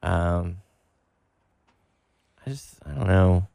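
Podcast co-host, male, low and smooth, loose casual recap style, dry booth sound. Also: expressive, drawn-out words, warm tone, no echo. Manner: recaps matches with playful quoting, many ums. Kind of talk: casual chat.

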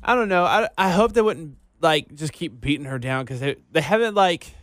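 A man co-hosting a casual wrestling podcast, chatty and opinionated with quick agreements. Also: a little high, animated, a bit bright, no room sound, studio quality. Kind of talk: casual chat.

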